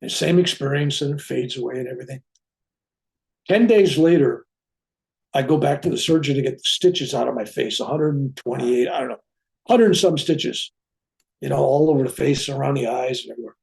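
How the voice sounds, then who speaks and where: Gravelly man telling a personal story. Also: medium pitch, brisk. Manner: animated retelling, acting out quoted voices, chuckling asides. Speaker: reverend sharing a spiritual experience.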